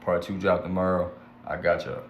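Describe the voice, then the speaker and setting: Deep-voiced young man with a slangy storytelling style. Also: moderate pace, dull audio. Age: young adult. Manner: animated, slangy retelling that acts out both sides of each exchange. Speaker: vlogger telling his own story. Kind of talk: casual storytime rant. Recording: echoey room with faint background hum.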